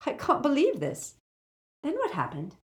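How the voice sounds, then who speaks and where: A sharp, anxious teenage witch, put on by a woman reader speaks well above the reader's own pitch. She fires off pressing questions one after another. It is a storybook reading. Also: wildly swooping pitch, full character voice. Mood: urgent, incredulous. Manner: rapid, pressing questions in a raised voice.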